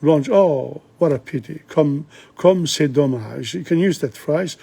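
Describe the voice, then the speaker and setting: A man's voice: on the high side, moderate pace, vocal fry, dark tone, breathy edge. A man teaching French from a play, reading lines and glossing them in English with chatty asides. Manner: chatty, laughs often, breaks off to explain. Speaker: language teacher.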